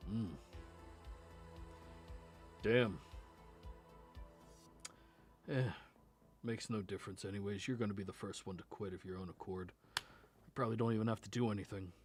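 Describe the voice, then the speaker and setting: A man's voice: steady tone, normal speed, pauses often, soft background music, natural voice. A man voicing a sly, sneering trainer. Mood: contemptuous. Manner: low, sneering, half-whispered. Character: sly scheming male combat trainer, mocking.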